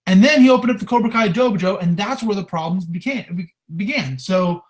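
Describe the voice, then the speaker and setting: A man's voice: high voice, a little fast. A man co-hosting a podcast, talking casually and animatedly about a show and defending his view. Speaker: podcast co-host. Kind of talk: casual film discussion.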